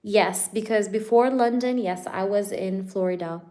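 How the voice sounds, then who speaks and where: A woman's voice: mid-range voice, moderate pace, mellow. A woman hosting a live tarot stream, chatting casually with viewers. She is playful, laughs often and fills her talk with "like" and "you know".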